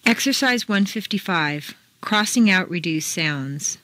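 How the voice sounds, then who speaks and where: A woman teaching pronunciation, reading scripted drills slowly and deliberately, with exaggerated intonation. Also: lowish voice, expressive, fairly bright tone, no room sound. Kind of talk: scripted accent-training lesson.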